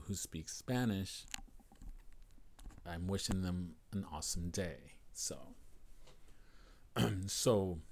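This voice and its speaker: Lowish-voiced American man teaching English. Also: a little mellow. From United States. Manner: slow, emphatic modeling of phrases, greets viewers. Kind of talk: live-streamed English lesson.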